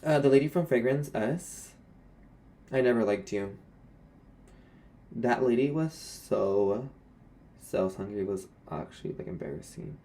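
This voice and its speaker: A man's voice: medium pitch, lively intonation, measured pace, pauses often, mellow. A young man, a former retail worker, speaking to camera in a candid, sassy and blunt rant about old coworkers.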